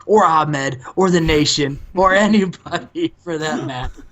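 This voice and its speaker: A man's voice: on the high side, unhurried, a bit bright. A man voicing an arrogant, cheating male wrestler who taunts his boss in sneering trash talk. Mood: taunting.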